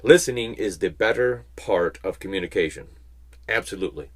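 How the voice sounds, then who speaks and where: Man, low voice, casual Christian teaching, conversational, slow emphatic stresses. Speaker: Christian speaker.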